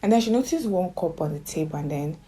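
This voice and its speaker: A woman's voice: fairly low pitch, lively intonation, fast talker, warm tone, breathy edge. A woman casually recapping a romantic movie for her viewers, chatty and gushing, breaking into sudden squealed exclamations.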